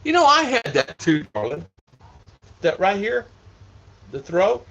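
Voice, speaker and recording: His voice sits high and sing-song, bright and pushed, with vocal fry and a measured pace. He's a livestream host chatting with his audience and reading their messages, rambling, repeating things and laughing often over dull, lo-fi audio.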